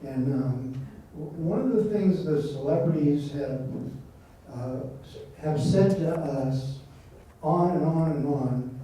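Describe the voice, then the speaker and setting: A man speaking in an unhurried, halting way with many fillers, recorded from a distance in a dull, roomy sound. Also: a little high, warm tone, a little hiss or hum. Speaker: guest speaker. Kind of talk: casual conversation.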